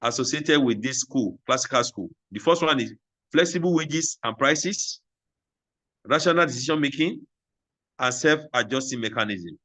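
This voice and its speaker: A man giving a classroom lecture, who asks questions and answers them himself, and repeats key phrases slowly so the class can write them down. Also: mid-range voice, expressive, sharp tone.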